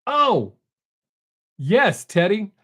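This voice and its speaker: A man's voice: high voice, big pitch swings, drawn-out words, fairly bright tone. An older man hosting a live stream, in casual folksy chat, joking and greeting viewers from the chat by name.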